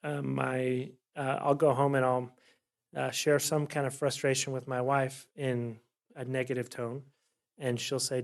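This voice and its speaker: A man speaks to a city council chamber as a workshop facilitator. His delivery is casual and conversational. He keeps tagging his points with a quick "right?". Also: mid-range voice, flat delivery, creaky. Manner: chatty, keeps asking "right?". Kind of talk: conversational presentation.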